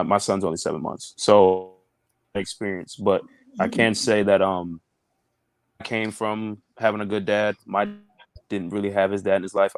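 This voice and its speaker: A young man, a comedian and new father, talking bluntly and crudely in a casual panel discussion. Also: no echo. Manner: blunt, crude, acts out others in a high mocking voice.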